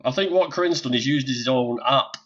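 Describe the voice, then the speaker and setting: An older man with a Northern English accent hosts a relaxed live stream, sorting out technical problems while joking with viewers. He speaks briskly in a mid-range, fairly bright voice over dull lo-fi audio.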